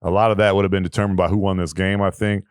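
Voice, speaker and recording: A man co-hosting a sports podcast in a loose, joking way, with casual swearing. His voice sits low, and it is recorded dry and close. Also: flat delivery, racing, clear, resonant tone, no room sound. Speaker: podcast co-host.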